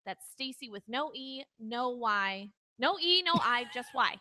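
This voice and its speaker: A loud, teasing woman co-hosting a podcast with a bright, slightly high voice. She talks in lively casual banter, picked up close and dry in the studio. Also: unhurried, no echo. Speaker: podcast co-host. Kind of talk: casual chat.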